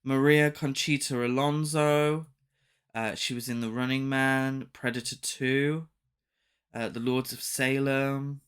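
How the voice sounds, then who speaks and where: A man's voice: medium pitch, slow pace, smooth. A man co-hosting a horror film podcast, chatting casually and laughing easily while discussing cast members. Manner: relaxed, laughs often. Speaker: podcast co-host. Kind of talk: casual film review chat.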